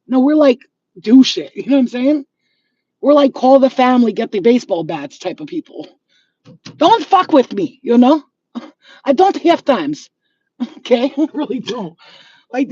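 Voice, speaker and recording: A woman's voice: a little high, mellow, slightly rough, dry recording, lo-fi sound. A woman hosting a spiritual channel, ranting in an unscripted vlog, profane, heated and confrontational.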